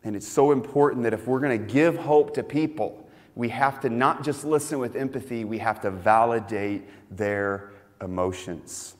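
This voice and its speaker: A man's voice: mid-range voice, fairly even intonation, normal speed. A pastor preaching a sermon in an earnest, emphatic way, repeating phrases to build his point. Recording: long hall reverb.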